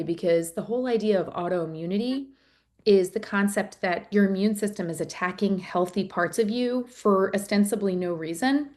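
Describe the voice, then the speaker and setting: A woman in her forties, a podcast guest, explaining earnestly in a conversational interview with frequent fillers. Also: lowish voice.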